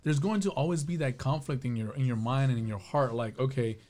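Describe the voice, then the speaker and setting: A man's voice: mid-range voice, fairly quick, a little mellow. A man in a casual church group discussion who speaks earnestly, repeats words, and asks rhetorical questions.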